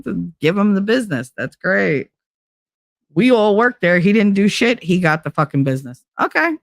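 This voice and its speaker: A woman's voice: medium pitch, very animated, normal speed, no echo, studio quality. Blunt, sarcastic woman podcast host. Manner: blunt, sarcastic, swears freely; mimics others in mocking voices. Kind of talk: casual monologue reading viewer comments.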